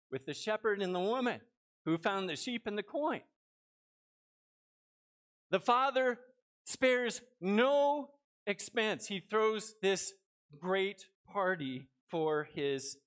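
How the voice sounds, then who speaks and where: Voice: medium pitch, fairly bright tone. A pastor giving a church sermon, reading scripture aloud and then explaining it with rhetorical questions.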